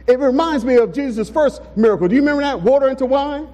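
A pastor preaches with an unusually high, mellow voice, pressing his congregation with rhetorical questions. He speaks emphatically from the pulpit. His words ring out with the long reverb of a church sanctuary. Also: fast. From Texas. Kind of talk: sermon.

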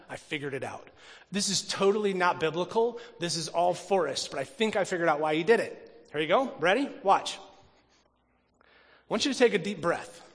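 A man preaching a sermon as pastor, talking animatedly, swinging from loud emphasis to hushed, near-whispered lines and often repeating words as he thinks aloud. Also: sits high, animated, normal speed, long reverb tail.

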